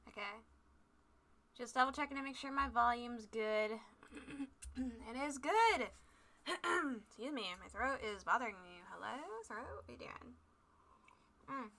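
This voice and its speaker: A woman's voice: on the high side, lively intonation, a little slow, pauses often, pushed and bright. A woman streaming a game, chatting casually in a bubbly, scatterbrained way and joking at herself. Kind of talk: casual live-stream chat.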